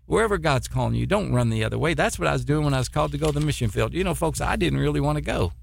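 A man's voice: on the high side, lively intonation, very fast, vocal fry. A middle-aged man preaching a sermon in a folksy way, with stammering restarts and many repetitions. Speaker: preacher, former military missionary.

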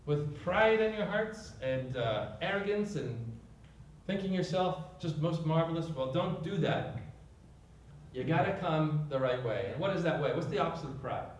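A man's voice: on the high side, lively intonation, normal speed, slight background noise. Preaching man in an echoey church. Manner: emphatic preaching, rhetorical questions. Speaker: pastor. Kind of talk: sermon. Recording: echoey room, mic at a distance.

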